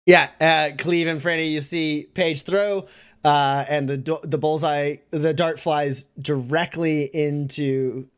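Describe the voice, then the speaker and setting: A man's voice: on the high side, fairly even intonation, slow, clean tone. A man narrating as game master of a tabletop game, talking casually with many fillers.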